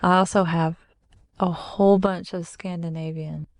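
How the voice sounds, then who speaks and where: A woman's voice: lowish voice, steady tone, moderate pace, no echo. A woman with a Kentucky accent co-hosting a podcast in casual chat, laughing often. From United States. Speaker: podcast co-host.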